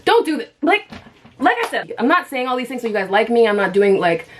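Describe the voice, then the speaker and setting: A woman's voice: fairly high pitch, very animated, brisk, slight background noise. A young woman vlogger telling a story in a blunt, heated, profane way while she does her makeup. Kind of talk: storytime vlog.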